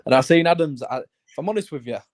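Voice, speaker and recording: A man's voice: on the high side, animated, quick pace, no room sound. A man from Leeds with a Yorkshire accent, calling in to a fan phone-in with friendly, chatty talk. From Leeds, England. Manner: chatty and friendly, calls the host mate. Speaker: caller. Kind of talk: casual phone-in chat.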